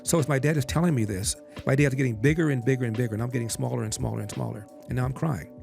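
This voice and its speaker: This older interviewee has a medium-pitched, gravelly, somewhat mellow voice and talks very fast as he relays a story from his family. He quotes what his father said directly, over background music on the podcast.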